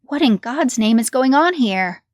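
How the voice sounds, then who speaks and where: A woman voicing a brisk female real estate broker. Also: mid-range voice, a little mellow, no room sound, studio quality, lightly acted. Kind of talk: horror story reading.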